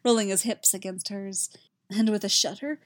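A woman narrating a romance story aloud in an expressive, intimate way. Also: mid-range voice, normal speed, dry recording, clean studio sound. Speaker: reader of fan fiction. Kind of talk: audiobook narration.

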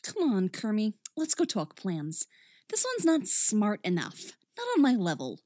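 A woman's voice: medium pitch, huge pitch swings, measured pace, darkish tone, no room sound, clean studio sound. A woman reading a story aloud, voicing a haughty, vain female pig diva with a snooty, dismissive manner. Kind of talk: audiobook-style story reading.

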